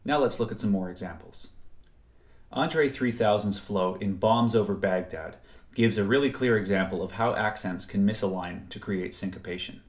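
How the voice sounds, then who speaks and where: Guy with a lowish voice explaining music theory, careful and precise, echoey room. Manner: measured, precise explanatory delivery. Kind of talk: scripted educational narration. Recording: roomy echo.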